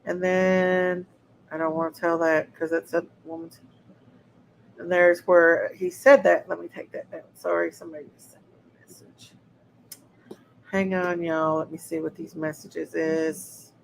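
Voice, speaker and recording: A woman hosting a casual livestream, speaking slowly and deliberately in a somewhat low voice. She talks straight to her chat viewers and sounds indignant and outraged. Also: little pitch movement, creaky, a little hiss or hum, low-quality recording. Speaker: livestream host.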